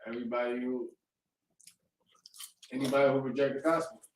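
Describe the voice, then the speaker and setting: A man's voice: medium pitch, little pitch movement, a little fast. A man in a class giving short, hesitant answers to the teacher's questions. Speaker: student in the class. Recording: echoey room, faint noise, heard from a distance.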